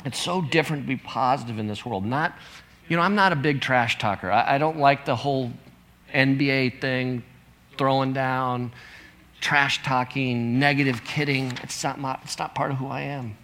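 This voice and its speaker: A man's voice: mid-range voice, normal speed, a bit bright, slight background noise. A pastor in his fifties gives an earnest, conversational sermon, reading out scripture as he goes.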